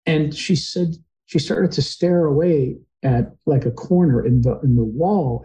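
Mellow-voiced man telling a personal story. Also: a little high, measured pace, few pauses, poor audio. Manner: earnest, emotional retelling. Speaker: guest.

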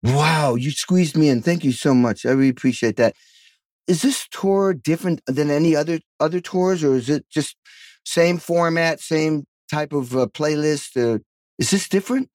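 A man's voice: on the high side, moderate pace, darkish tone, no room sound, clean studio sound. A man hosting an interview podcast, enthusiastic and effusive as he introduces and questions his guest. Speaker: podcast host.

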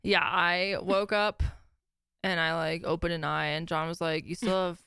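A woman's voice: on the low side, fairly even intonation, moderate pace, fairly bright tone, clean tone, no room sound, clean studio sound. A woman co-hosting a podcast in casual chat, chatty and swearing casually. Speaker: podcast co-host.

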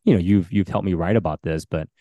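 A very low-voiced man talking in a casual podcast conversation. He is a pastor, and he speaks earnestly and thoughtfully, with frequent fillers and restarts. The recording is close and dry. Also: quick pace, no room sound, highs cut off.

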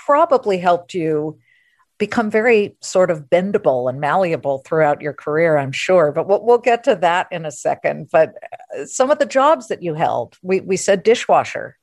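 A woman hosting a podcast interview, chatty and playful with quick asides. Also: lowish voice, very animated, darkish tone, dry recording, studio quality. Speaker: podcast host. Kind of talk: casual interview chat.

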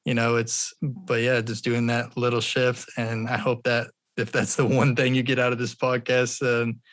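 A man's voice: mid-range voice, monotone, normal speed, a bit bright. A man who is a podcast guest, talking in a friendly way with a slight stammer and offering practical tips. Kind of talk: casual podcast conversation.

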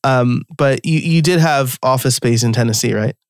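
A man's voice: medium pitch, moderate pace, no echo, studio quality. A man from New York hosting a casual podcast interview, chatty and full of stories. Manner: chatty, storytelling, frequent fillers and laughs. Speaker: podcast host.

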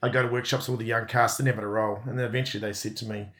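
A man in his fifties with a New Zealand accent telling stories as a podcast guest, chuckling and self-deprecating and often clearing his throat. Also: on the low side, flat delivery, rapid-fire, a bit bright. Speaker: guest actor. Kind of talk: relaxed anecdotal storytelling.

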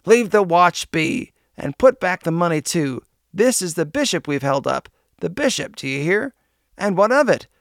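A man voicing a rough, hardened robber and drunk who speaks with passion. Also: on the high side, normal speed, fairly bright tone, dry recording, studio quality. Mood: threatening.

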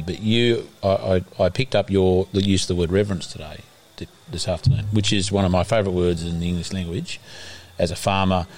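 A man's voice: sits low, darkish tone. A man interviewing a guest, asking long, friendly, rambling questions. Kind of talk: conversational interview.

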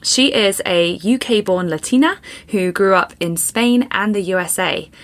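A woman's voice: medium pitch, moderate pace. Upbeat woman hosting a podcast. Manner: upbeat and friendly. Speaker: podcast host. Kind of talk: scripted intro, then casual interview chat.

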